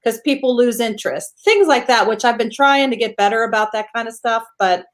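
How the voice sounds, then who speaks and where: A woman's voice: a little high, fairly quick. A woman from Pittsburgh with a faint Pittsburgh accent, a guest chatting in a hesitant, agreeable way. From Pittsburgh, USA. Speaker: guest YouTuber. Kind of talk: casual interview chat.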